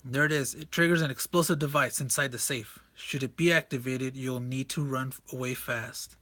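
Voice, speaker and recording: Enthusiastic rambling man, bright voice. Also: medium pitch, normal speed, no echo. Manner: enthusiastic, rambling, self-correcting. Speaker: comic reviewer. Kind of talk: casual comic walkthrough.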